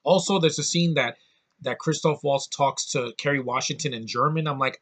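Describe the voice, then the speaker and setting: A man's voice: medium pitch, normal speed, fairly bright tone. A man giving a casual film review, blunt and rambling, swearing often and restarting his sentences. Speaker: movie reviewer.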